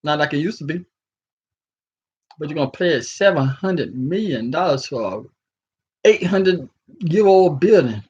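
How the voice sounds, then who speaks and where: A man's voice: a little high, expressive, unhurried, pauses often, darkish tone, slightly rough. A sleepy man rambling casually to his viewers from home, chuckling often and talking in slang. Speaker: vlogger. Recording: muffled lo-fi recording.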